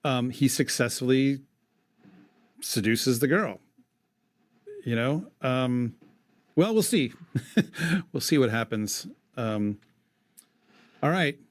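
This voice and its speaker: A man's voice: medium pitch, expressive, takes it slowly, long pauses, no echo. A man co-hosting a podcast, reading an old epic poem aloud in a dramatic way and breaking off for wry comments. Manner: dramatic recitation broken by wry asides. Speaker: podcast co-host.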